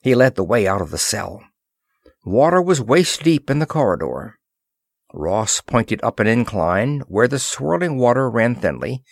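Man reading an adventure story out loud, expressive, slow, lots of pitch movement. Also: creaky, no echo, clean studio sound. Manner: expressive reading, does character voices. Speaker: audiobook narrator. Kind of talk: storybook narration.

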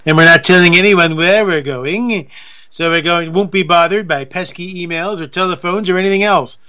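A male talk show host rants through an indignant monologue. His voice is high and bright, with a forceful edge. He repeats himself to press every point. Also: normal speed. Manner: indignant, repetitive, emphatic.

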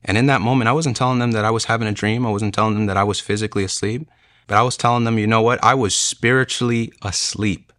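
A man's voice: on the low side, fairly even intonation, very fast, a bit bright, no echo, clean studio sound. A young man earnestly telling a personal conversion story, reflective and loose, with lots of "like" and "you know.". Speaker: speaker sharing a conversion testimony.

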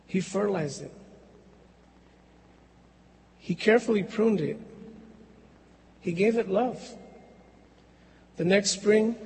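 Slow-preaching man in a church. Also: high voice, darkish tone, big-room sound, a little hiss or hum, rough recording. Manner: slow, measured preaching with long pauses. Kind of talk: sermon.

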